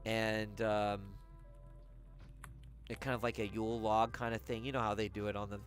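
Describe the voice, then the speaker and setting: A livestreamer in casual chat with viewers, talking softly and haltingly with many pauses, sounding heartfelt. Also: mid-range voice, little pitch movement, soft background music. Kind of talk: casual chat to a live audience.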